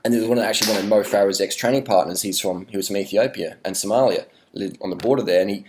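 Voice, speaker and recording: A man's voice: fairly low pitch, rapid-fire, darkish tone. An Australian man rambling through a sarcastic, mock-serious vlog rant with plenty of swearing. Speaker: vlogger.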